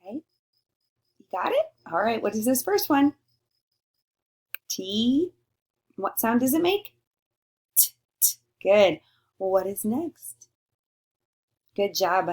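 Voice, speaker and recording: A woman teacher giving a recorded lesson to young children, slowly sounding out letters and praising answers. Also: a little high, big pitch swings, darkish tone. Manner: slow, sing-song and encouraging, sounding out letters.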